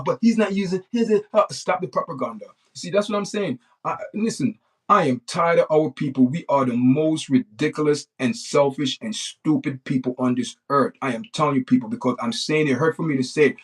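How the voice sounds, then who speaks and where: A livestream host with a breathy, mid-range voice talks off the cuff in an unscripted monologue. His rant is blunt and repetitive, circling back to the same points.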